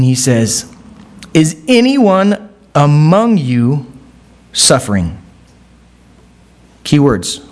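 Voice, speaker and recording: Slow-speaking pastor, chatty sermon. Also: male voice. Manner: conversational, frequent asides like "right?" and "okay?"; animated, pitch jumps when quoting.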